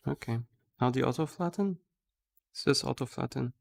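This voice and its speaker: A man's voice: medium pitch, brisk, vocal fry. A man streaming live, chatting casually as he thinks aloud and gushes over a tool he likes. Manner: thinking aloud, gushing with excitement.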